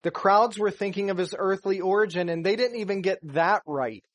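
A man's voice: sits high, brisk. A man preaching a sermon as pastor of a church, earnest and building to emphatic stress on key points.

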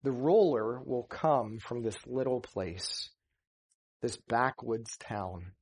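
A man's voice: medium pitch, takes it slowly, a little mellow, breathy edge. A man preaching a sermon as pastor of a church, earnest and building to emphatic stress on key points.

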